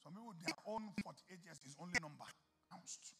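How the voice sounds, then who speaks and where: A male pastor preaching a sermon, moving from hushed storytelling to shouted exhortation, acting out talks with God in whispers. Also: sits high, lively intonation, fairly quick, loud music behind the voice. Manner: acts out dialogue with God in whispers. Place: church.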